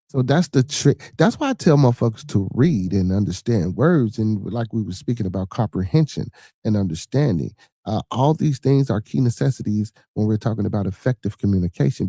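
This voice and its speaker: Male podcast host, low dark voice, dry close sound, loose profane livestream commentary. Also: dry recording. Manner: profane, repeats 'you know what I'm saying'; reads viewer comments and news aloud.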